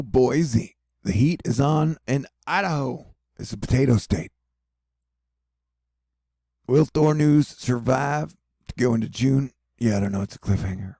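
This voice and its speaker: A man's voice: mid-range voice, gravelly, warm tone, breathy edge, no echo, clean studio sound. A man hosting a casual weather update, rambling along with jokey, self-mocking asides. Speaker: weather news host. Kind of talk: casual weather commentary over maps.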